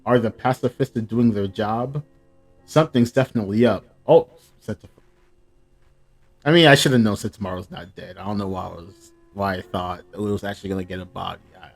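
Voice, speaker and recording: A man hosting a casual live reaction, reading the panels aloud between his own comments. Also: fairly low pitch. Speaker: manga reaction host.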